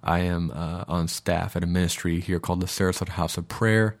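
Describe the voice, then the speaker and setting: A man's voice: low voice, fairly even intonation, brisk. A man in his thirties hosting a casual podcast monologue, rambling and digressing with lots of fillers. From Florida, USA. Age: 30s. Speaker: podcast host.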